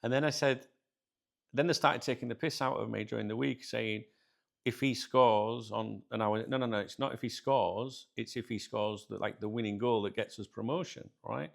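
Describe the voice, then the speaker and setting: A British man tells a story straight to his viewers in a loose, chatty way. His voice has a gravelly edge and sits at a middle pitch. He laughs often and keeps calling his audience guys. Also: a little fast. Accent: British English. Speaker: channel host.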